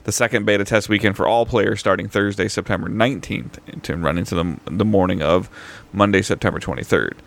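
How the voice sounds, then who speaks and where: Male podcast co-host, deep gravelly voice, hesitant and filler-heavy casual chat. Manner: halting, many fillers and restarts.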